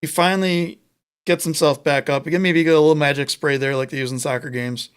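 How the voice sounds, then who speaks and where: A man's voice: on the high side, fairly quick, clear, resonant tone. A man co-hosting a podcast, telling a long joke in casual chat and acting out the characters' lines. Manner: animated storyteller, acts out characters' lines. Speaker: podcast co-host.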